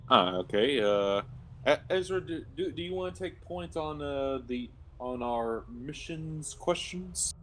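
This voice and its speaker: A man's voice: fairly high pitch, animated, a little slow, fairly bright tone. Guy on a call playing a tabletop game, stumbles over his words a lot, light background hiss. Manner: hesitant, stammers and repeats words. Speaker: player. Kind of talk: casual tabletop game chat. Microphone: own microphone over an online call.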